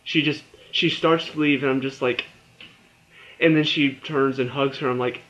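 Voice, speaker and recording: A man's voice: mid-range voice, fairly even intonation, normal speed, a bit bright, dull audio, slight background noise. A young man giving a casual spoken TV review, ranting in exasperation and stumbling over his words. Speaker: TV review vlogger.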